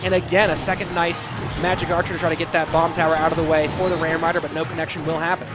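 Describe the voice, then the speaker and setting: High-voiced male esports caster. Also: flat delivery, fast. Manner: casual, joking banter with chat. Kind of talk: live stream game commentary. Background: music.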